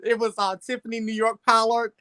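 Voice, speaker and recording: A woman co-hosting a casual chat, telling stories in a lively, laughing way. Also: on the high side, a little fast.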